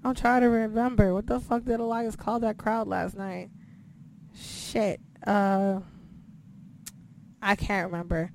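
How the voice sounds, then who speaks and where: A woman talks in a loose, conversational flow, peppering her sentences with "you know" and casual swearing. Her pitch sits in an ordinary middle range, with a faint hum of noise behind her. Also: level tone, takes it slowly, long pauses, darkish tone. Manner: chatty, swears a lot, fills with "you know". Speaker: podcast host. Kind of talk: casual chat.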